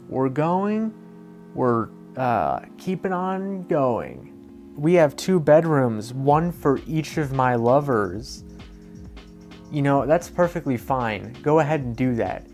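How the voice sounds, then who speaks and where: A mid-pitched vlogger riffs through casual reaction commentary, sarcastic and meandering. He swears freely and often undercuts his own points. Faint music runs under his voice. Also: lively intonation, slow, darkish tone. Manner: rambling, sarcastic, swears freely, self-deprecating. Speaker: commentary YouTuber.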